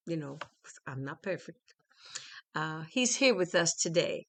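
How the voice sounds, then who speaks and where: A woman hosting an interview, chatty and quick to affirm her guest. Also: low-pitched, lively intonation, a bit bright. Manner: chatty, affirming with okay and right. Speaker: interview host. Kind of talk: conversational interview.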